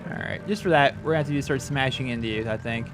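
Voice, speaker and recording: A man's voice: mid-range voice, fast, faint music behind. A man giving rambling, chatty commentary while playing a game, often exclaiming at it as he goes. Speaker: gaming channel host. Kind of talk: casual let's-play commentary.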